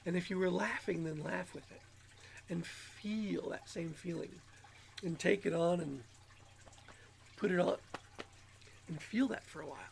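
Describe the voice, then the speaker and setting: A man's voice: high voice, unhurried, vocal fry, long pauses, a little hiss or hum. A man hosting his channel in a rambling self-help monologue, sounding a little nasal from allergies. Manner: rambling, musing, repeats words. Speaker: channel host.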